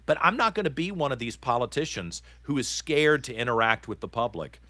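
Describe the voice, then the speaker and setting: A man's voice: medium pitch, animated, a little fast, bright, forceful tone, dry recording. A middle-aged man from Virginia hosting a political talk show, ranting with indignant passion. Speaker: podcast host.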